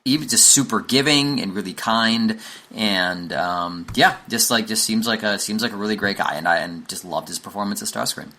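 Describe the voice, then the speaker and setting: A man co-hosting a casual podcast, talking enthusiastically but haltingly, with lots of fillers. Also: on the low side, bright, forceful tone. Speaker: podcast co-host. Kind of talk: casual chat.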